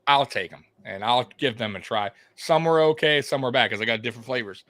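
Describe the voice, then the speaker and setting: A man's voice: mid-range voice, brisk, fairly bright tone, no room sound. A man co-hosting a podcast, giving casual live fight commentary in a chatty, rambling way, often repeating himself and laughing. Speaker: podcast co-host.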